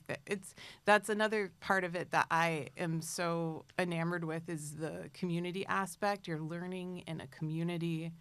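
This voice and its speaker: A woman's voice: fairly low pitch, fairly bright tone, clean tone, dry recording. A woman working as a community media director, talking in an earnest, enthusiastic way in a small studio. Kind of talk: casual chat.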